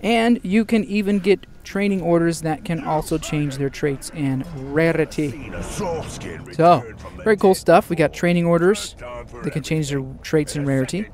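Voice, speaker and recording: Upbeat, high-voiced gaming news host. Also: male voice. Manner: excitable and jokey, with quick asides. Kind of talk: casual game news commentary.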